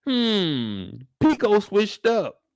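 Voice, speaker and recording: A young man, recapping a TV episode alone in loud, slangy, excitable storytelling with acted-out reactions. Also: sits high, very slow, clean tone, dry recording, clean studio sound. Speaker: show recap host. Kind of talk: animated solo recap of a TV episode.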